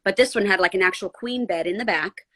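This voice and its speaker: A woman's voice: medium pitch, fast, a bit bright. Chatty woman voice actor from San Diego. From San Diego, USA. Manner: chatty, many "like" fillers. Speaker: voice actor guest. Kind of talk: casual podcast chat.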